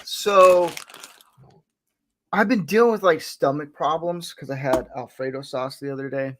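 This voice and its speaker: Chatty, rambling young man, high voice. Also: fairly bright tone, slight background noise. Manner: rambling, chatty, quick to laugh. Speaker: host of a Lego build stream. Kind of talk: casual chat. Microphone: desk microphone.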